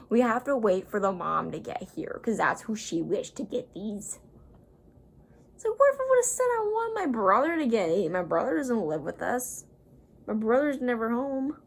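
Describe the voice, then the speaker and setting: A woman's voice: medium pitch, a little hiss or hum. A young woman vlogger casually retelling a story, rambling and acting out the people she quotes.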